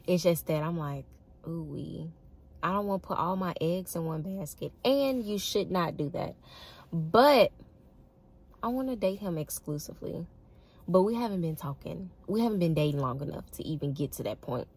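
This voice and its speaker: A young woman chats to her viewers about her dating life and keeps breaking into laughter. Her voice sits a little low, and she talks loosely and casually, often calling them y'all. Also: expressive, moderate pace, darkish tone, husky. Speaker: vlogger. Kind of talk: casual storytelling to camera.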